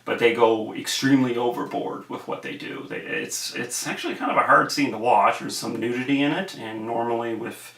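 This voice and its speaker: Young man, casual film review, rambling and hesitant, gravelly voice, echoey room, distant mic. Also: medium pitch, normal speed, few pauses, a bit bright. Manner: rambling, hesitant with many fillers. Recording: roomy echo, mic at a distance.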